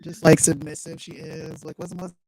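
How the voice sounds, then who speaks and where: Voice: medium pitch, level tone, normal speed, a little mellow. A podcast co-host in a casual chat, making sarcastic, dry jokes about the news.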